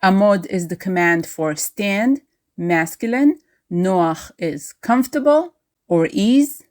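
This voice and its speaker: A woman teaching a language lesson, pronouncing each word with deliberate care. She speaks at a very unhurried pace, pausing often between phrases. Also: mid-range voice, darkish tone. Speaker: Hebrew teacher. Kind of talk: slow, clear language lesson. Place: outdoors in wind, then indoors in a workshop.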